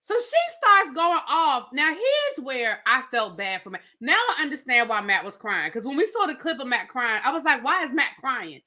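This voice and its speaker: A woman's voice: sits high, normal speed, few pauses. A woman reviewing a reality show in a casual, slangy recap, acting out what the cast said. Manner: animated storyteller acting out quotes, slangy asides.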